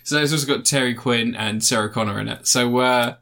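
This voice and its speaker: Guy co-hosting a podcast, bright forceful voice, loose and jokey, loses his words. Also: mid-range voice, steady tone, fairly quick, gravelly. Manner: rambling, jokey, searching for words. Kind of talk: casual chat.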